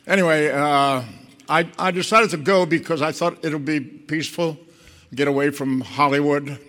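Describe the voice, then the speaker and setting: An older man from Boston tells wry anecdotes to an audience in a relaxed way, often restarting his phrases. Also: a little high, moderate pace. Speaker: guest speaker. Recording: echoey hall.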